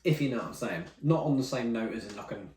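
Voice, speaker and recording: A man's voice: medium pitch, animated, fast talker, a little mellow, slight background noise. A man chatting casually through tasting notes as a whisky reviewer, rambling and correcting himself as he goes. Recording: roomy, mic at some distance.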